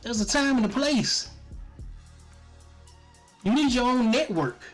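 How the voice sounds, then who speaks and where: High-voiced man ranting on a stream. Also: slow, soft background music. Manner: animated, profane, laughing asides. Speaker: streamer commentator. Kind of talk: casual profane stream commentary.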